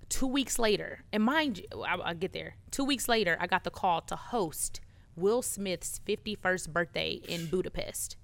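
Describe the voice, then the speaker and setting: A woman guest in a casual interview, telling animated stories and acting out what people said. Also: fairly low pitch, no echo. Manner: animated storyteller, acts out quotes.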